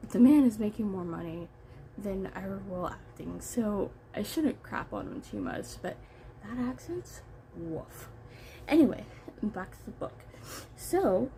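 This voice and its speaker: A woman's voice: medium pitch, vocal fry, mellow, slight background noise, low-quality recording. A woman chatting casually through a book review, rambling and poking fun at herself. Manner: chatty, rambling, self-deprecating.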